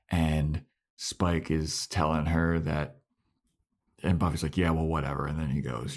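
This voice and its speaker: A podcast co-host casually recaps scenes, acting out the characters' lines. His voice is extremely low, steady in tone and unhurried.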